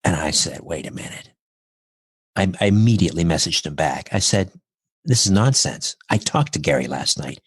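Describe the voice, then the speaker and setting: A man's voice: sits low, lively intonation, fairly quick, breathy edge, dry recording, studio quality. A middle-aged man, a podcast guest, telling a personal story in an earnest, reflective way, step by step.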